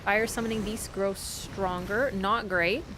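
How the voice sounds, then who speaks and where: A young woman streaming a game, chatting casually and telling travel stories with animated swings into quoted voices. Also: medium pitch, measured pace, heavy background noise. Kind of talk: casual chat while gaming.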